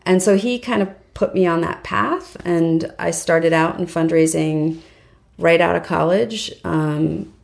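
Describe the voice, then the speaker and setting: A woman's voice: fairly low pitch, unhurried, gravelly, darkish tone. A middle-aged woman, a guest on a podcast interview, telling her story in a chatty way with lots of "like" and "um". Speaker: podcast guest, fundraising professional.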